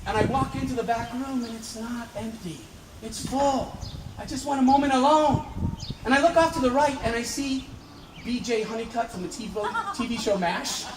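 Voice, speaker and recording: A man telling a personal dream story to an audience outdoors, building vivid excitement and sometimes breaking into laughter. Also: very high-pitched, moderate pace. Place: outdoors on a hill. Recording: distant, echoey outdoor recording with background noise.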